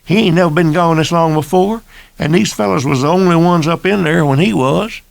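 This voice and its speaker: Man voicing a raised, pushy backwoods deputy for an audiobook, gravelly and insistent. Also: fairly quick, dry recording. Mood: pleading. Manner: shrill, insistent, rustic dialect. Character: loud, accusing small-town male deputy.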